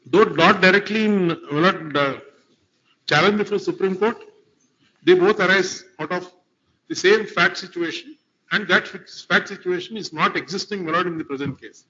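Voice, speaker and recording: Indian male advocate, high-pitched, courtroom argument, dull lo-fi recording. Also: normal speed, bright, forceful tone. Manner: formal, addresses the bench as my lord throughout. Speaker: advocate arguing before a court. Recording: lo-fi courtroom livestream audio.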